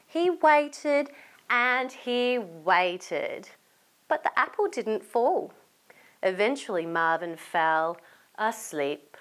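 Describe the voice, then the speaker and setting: A woman from Australia reading a storybook aloud to young children, animated and inviting them to join in. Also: fairly high pitch, extremely slow, clear, resonant tone.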